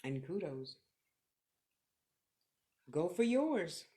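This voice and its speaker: A woman's voice: on the low side, very animated, extremely slow, dark tone. Middle-aged woman doing a live stream as a psychic, blunt and earthy, swears a lot, easygoing talk. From California. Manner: candid, earthy, swears freely, talks in short reflective bursts. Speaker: clairvoyant medium answering viewers.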